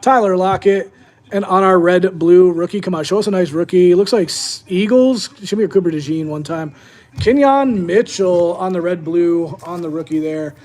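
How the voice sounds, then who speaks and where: A man's voice: high-pitched, normal speed, darkish tone. A young man hosting a live-streamed sports card break, chatting casually to his viewers as he opens packs.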